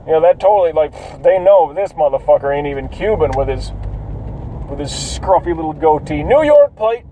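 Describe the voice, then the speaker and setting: High-voiced man rambling in a noisy car. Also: fairly quick, dark tone. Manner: rambling, profane, many fillers. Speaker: vlogger. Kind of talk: casual rambling monologue.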